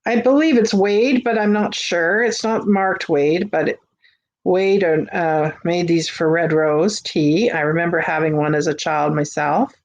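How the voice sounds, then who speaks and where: A woman hosting a live vintage sale from her home, chatting casually with fillers as she shows each item. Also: fairly low pitch. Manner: chatty, unhurried, with frequent fillers and restarts. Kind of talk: casual live-stream selling. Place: home on a busy street.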